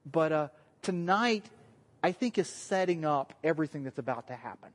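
A man with a Southern US accent preaching a sermon to a church group in a relaxed, conversational, joking way. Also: a little high, moderate pace, in a large hall. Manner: joking, conversational, self-deprecating. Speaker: pastor. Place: church meeting room.

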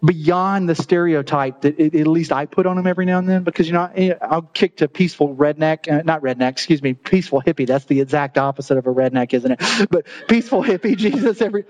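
Guy preaching a sermon, kinda high voice, chatty and jokey, laughs at his own bits. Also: a little fast, darkish tone, dull audio. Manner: conversational and joking, laughs at his own asides. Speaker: pastor.

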